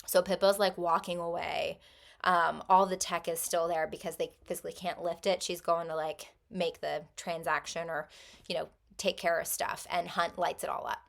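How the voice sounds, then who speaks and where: Woman rambling thru a book recap, lots of um and like, kinda low voice. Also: little pitch movement, normal speed, vocal fry. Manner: chatty, many ums and likes. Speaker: book vlogger.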